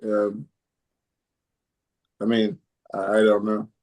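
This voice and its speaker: A man hosts a casual podcast and reads out listener comments. He thinks aloud with frequent ums and restarts. His voice sits somewhat low. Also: completely flat delivery, takes it slowly, darkish tone. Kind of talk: casual chat.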